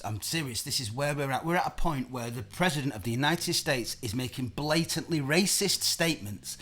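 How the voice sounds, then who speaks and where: A man's voice: mid-range voice, fairly bright tone. A man hosting a live-streamed chat show, talking in a heated, emphatic way and swearing often. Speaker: host.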